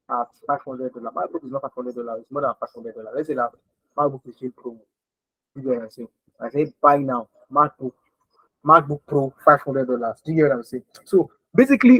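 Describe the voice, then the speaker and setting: A man's voice: mid-range voice, a bit bright, breathy edge, no room sound, low-quality recording. A man teaching design in an online screen-share lesson, repeating points and often checking that listeners follow. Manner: repetitive, emphatic, keeps checking if listeners follow. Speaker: design instructor.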